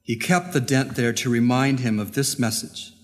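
A male pastor preaching a sermon and telling a story, earnest and deliberate with pauses. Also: medium pitch, fairly even intonation. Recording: long hall reverb.

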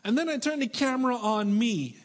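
Middle-aged male pastor, very high pitch, emphatic sermon delivery with playful asides. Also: brisk. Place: church with congregation.

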